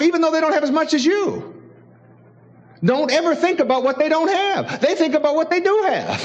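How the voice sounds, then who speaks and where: A man, an author, giving a casual motivational talk, chuckling often and acting out little dialogues. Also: high voice. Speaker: author and speaker. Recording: dull lo-fi recording.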